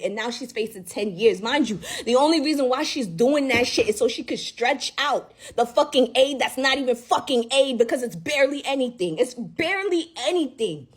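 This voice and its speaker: A woman's voice: on the high side, husky. A woman content creator in an emotional vlog rant, angry and close to tears, swearing as she talks from the heart.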